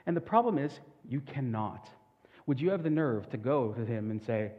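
A male pastor delivers a sermon in a large hall, his voice trailing off into long reverb. He talks earnestly and builds to loud, emphatic peaks. The recording sounds slightly muffled. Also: mid-range voice, lively intonation, brisk.

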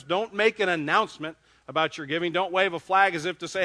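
A man in his sixties, a pastor reading scripture and preaching a sermon, emphatic and slowing down on key phrases. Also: on the high side, pushed and bright.

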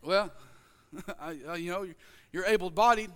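A man's voice: high voice, measured pace. A man preaching a sermon in a country church, working up to a chanting call-and-response. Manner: rising chant-like call and response, builds to shouting.

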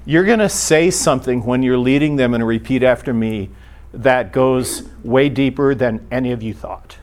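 A man's voice: mid-range voice, normal speed, darkish tone. Brief: middle-aged male pastor, informal teaching, chatty delivery with acted-out quotes. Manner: conversational, acts out short quoted exchanges.

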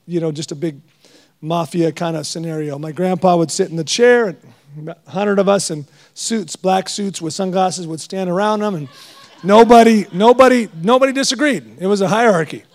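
A middle-aged man preaching a guest sermon, animated and storytelling with jokes. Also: high voice, brisk.

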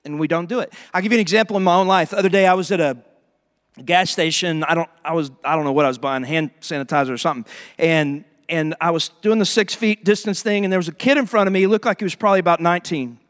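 A man preaching a sermon as pastor, telling stories in an animated way and acting out the people in them. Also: a little high, quick pace, big-room sound. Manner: animated storytelling with voiced asides.

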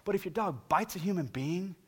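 A middle-aged male pastor delivering a sermon, his voice sitting a bit high. He tells stories with animated, humorous energy, climbing in pitch and volume at the punchlines before settling back to the point. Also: a little fast, slightly rough.

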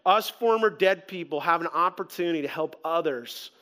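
Male pastor, high bright voice, lively humorous sermon delivery. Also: normal speed. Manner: animated, conversational preaching with humor.

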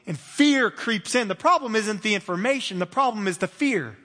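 A pastor gives a conversational sermon in a high, bright male voice with lively intonation at normal speed. He laughs readily and slips into small acted-out voices to make points, and the sound carries the long reverb of a large church hall.

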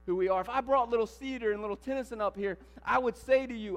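High-voiced preacher in a reverberant hall. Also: male voice, fast talker, few pauses. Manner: animated, rhetorical questions, rising to emphatic declarations. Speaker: pastor. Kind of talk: sermon. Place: church sanctuary. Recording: long hall reverb with mains hum.

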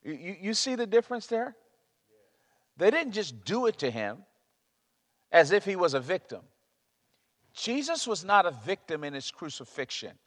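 A man's voice: sits high, very animated, moderate pace, pauses often, fairly bright tone. A man preaching a sermon, emphatic and prone to repeating himself as he searches for words. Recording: long reverb of a large hall.

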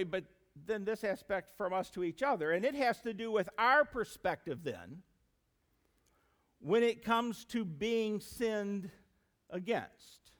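A man preaching a sermon in a fairly high voice that swings widely in pitch. He leans into emphatic rises and sudden drops, speaking straight to the congregation. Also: a bit bright. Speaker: pastor.

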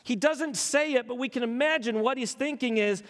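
This pastor's voice sits extremely high as he preaches at normal speed, pressing his congregation with emphatic rhetorical questions. A long reverb fills the church hall around him.

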